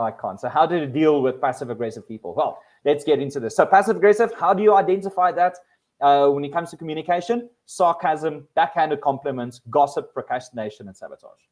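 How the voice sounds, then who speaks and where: Animated man leading a workshop. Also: a little high. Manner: animated, acts out quoted people with voice changes; repeats words when restarting. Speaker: workshop presenter. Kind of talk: live workshop talk.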